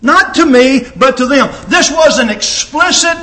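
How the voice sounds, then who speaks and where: A man preaching a sermon with emphatic delivery and sudden swings in pitch and loudness. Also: animated, unhurried, reverberant.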